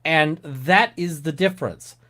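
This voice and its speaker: A man's voice: fairly high pitch, measured pace, sharp tone. Ranting, swearing man. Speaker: co-host. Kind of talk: casual live-stream chat.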